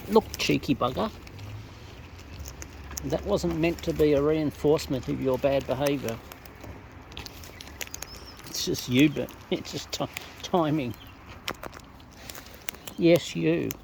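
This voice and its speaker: A man's voice: fairly high pitch, takes it slowly, vocal fry, long pauses, a little mellow. A man with an Australian accent, talking to wild birds outdoors in a teasing, affectionate way. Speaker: bird feeder filming wild birds. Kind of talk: casual talk to birds. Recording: noisy outdoor recording.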